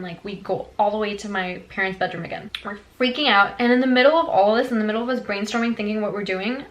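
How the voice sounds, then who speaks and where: A young woman vlogger telling a childhood story in a chatty, animated way, full of fillers. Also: mid-range voice, rough recording. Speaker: beauty vlogger. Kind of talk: storytime vlog.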